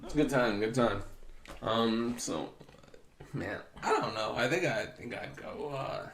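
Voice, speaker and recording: A man's voice: medium pitch, a little slow, fairly bright tone, reverberant, a little hiss or hum. A man co-hosting a podcast, teasing and laid-back as he poses would-you-rather questions. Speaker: podcast co-host. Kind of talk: casual podcast banter.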